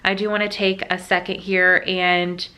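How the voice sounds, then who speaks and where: Bright-voiced emotional woman vlogger. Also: fairly low pitch, flat delivery. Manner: emotional, heartfelt, halting. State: tearful. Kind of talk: sit-down chat.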